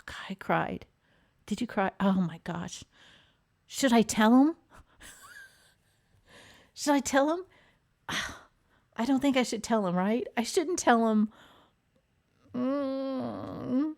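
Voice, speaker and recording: A woman hosting a relaxed chat show, speaking at an unhurried, easy pace. She rambles from thought to thought, often trailing off with fillers, soft laughs and sighs. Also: mid-range voice. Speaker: host. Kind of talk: casual chat about TV dramas.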